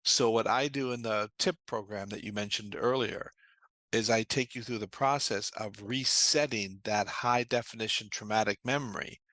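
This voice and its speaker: A man's voice: on the low side, normal speed, sharp tone, no room sound. A man being interviewed as a trauma therapist, explaining earnestly and telling anecdotes in a conversational way.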